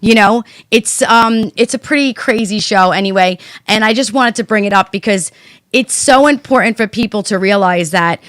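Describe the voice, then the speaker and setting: A woman's voice: medium pitch, normal speed, fairly bright tone, dry recording. A woman with a mid-range voice co-hosts a casual chat show. She argues her points emphatically and swears often. The recording is dry and close. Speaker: podcast co-host.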